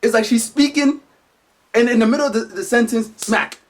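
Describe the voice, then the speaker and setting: A man delivering an animated, emphatic comedic monologue as a vlogger. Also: extremely high pitch, moderate pace.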